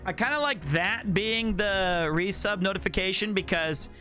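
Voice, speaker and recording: A man's voice: sits high, normal speed, over loud music. A man livestreaming and chatting casually with viewers, playful and joking, swearing freely.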